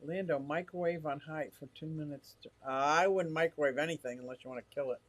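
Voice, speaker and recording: A man's voice: a little high, fast. An older man live-streaming from his fish room, rambling casually and reading comments from the chat aloud.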